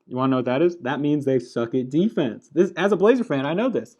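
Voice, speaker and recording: A man's voice: a little high, fast, hardly any pauses, a little mellow, breathy edge. A man giving a casual, blunt basketball opinion rant, annoyed and swearing, with frequent restarts. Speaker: basketball commentator.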